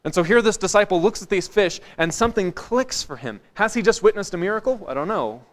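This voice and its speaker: Higher-voiced man preaching a relaxed sermon. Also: fairly quick. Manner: conversational and wry, swinging from lively to hushed. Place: church.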